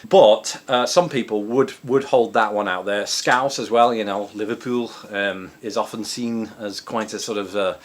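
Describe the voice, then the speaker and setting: A man's voice: on the low side, steady tone, moderate pace, hardly any pauses. An Englishman with an English accent, chatting casually as a vlogger answering viewer questions, with many ums and restarts. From England. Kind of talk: casual chat. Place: home in Chicago.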